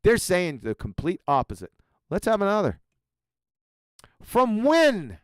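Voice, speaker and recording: In clean studio sound with no echo, a man with a high voice and huge pitch swings speaks at a measured pace, pausing often. Hosting a live stream where he reacts to clips, he rants, insults, and mocks one with profane sarcasm.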